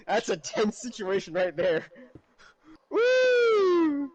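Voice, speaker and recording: Man with a high voice, casual and animated chat, laughs a lot. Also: normal speed, muffled recording. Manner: animated storytelling with frequent laughs.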